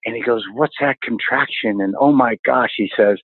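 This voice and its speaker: A man in his sixties, a stunt coordinator telling lively stories in an interview, often exclaiming as he recalls events. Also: mid-range voice, moderate pace, no echo. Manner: animated anecdotes, exclaims often. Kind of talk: storytelling interview chat. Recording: dry, tinny phone-like line.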